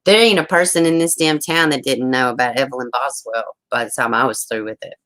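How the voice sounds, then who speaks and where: A woman, chatting on a true crime livestream from home, rambling, excitable and swearing often. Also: very deep voice, fairly quick, low-quality recording. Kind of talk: casual livestream chat.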